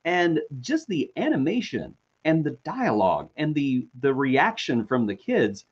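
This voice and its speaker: A man's voice: a little high, sing-song, measured pace, slightly rough. A man co-hosting a casual chat about TV and film, telling a story with enthusiasm. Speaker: co-host. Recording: dull lo-fi sound.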